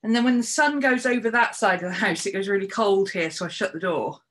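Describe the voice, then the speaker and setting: A woman's voice: a little fast, fairly bright tone, poor audio. A woman chatting casually to her livestream viewers and cooing at her pets in between. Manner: talks to her pets in a high baby voice. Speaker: streamer.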